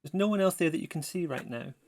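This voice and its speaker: A man narrates a tabletop horror game on stream, describing scenes in a chatty, rambling way with frequent self-corrections. His voice sits a little high for a man. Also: animated, fast. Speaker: game master.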